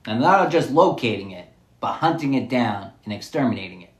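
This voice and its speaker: A man's voice: mid-range voice, expressive, a little fast, roomy sound. A man musing through a rambling, repetitive spiritual monologue, looping back over his phrases as he thinks aloud.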